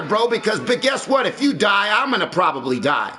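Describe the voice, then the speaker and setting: A man hosting a game livestream, ranting loudly and profanely in casual chat. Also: high voice, very animated, a little fast. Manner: loud, ranting, profane storytelling. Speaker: livestream host.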